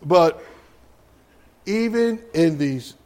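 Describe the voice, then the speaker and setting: A man's voice: fairly high pitch, expressive, very slow, darkish tone. A middle-aged man preaching a sermon as pastor, conversational and folksy, with chuckling asides to the congregation.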